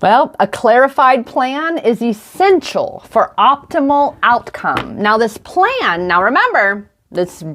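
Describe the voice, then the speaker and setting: Slow-spoken woman giving a card reading. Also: on the high side, sing-song, a bit bright, a little hiss or hum. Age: 40s. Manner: affirming, repetitive, heartfelt. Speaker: intuitive coach and tarot reader. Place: indoors in front of a camera.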